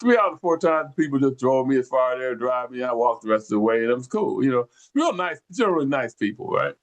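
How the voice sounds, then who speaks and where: A man's voice: medium pitch, expressive, fast talker. An older man from the Detroit area telling a long rambling story in casual chat, with many restarts. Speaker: podcast co-host.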